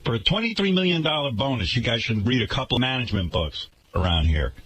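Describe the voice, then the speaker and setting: A male radio host on a long, sarcastic rant, his pitch leaping up and down as he vents. His voice is bright and forward, with a faint hiss of studio noise behind it. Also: very animated, quick pace. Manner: indignant, sarcastic, swinging pitch. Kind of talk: ranting talk radio monologue.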